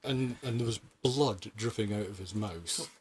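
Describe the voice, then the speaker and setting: A man in his fifties, a paramedic guest telling animated stories and laughing often. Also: lowish voice, measured pace, a little hiss or hum. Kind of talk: casual anecdote telling.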